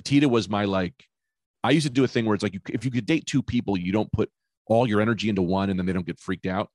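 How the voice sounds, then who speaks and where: A man chatting on a podcast, a loud, animated storyteller who swears freely. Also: fairly low pitch, fast, no echo. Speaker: podcast guest, comedian. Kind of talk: casual chat.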